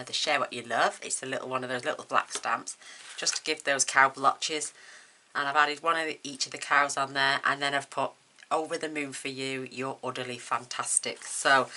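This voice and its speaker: A woman with a strikingly deep yet bright and forceful voice hosts a card-making demonstration at home. She talks casually and thinks aloud as she works. A faint hiss sits under her voice. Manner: chatty, thinking aloud while working, quick laughs. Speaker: craft tutorial host.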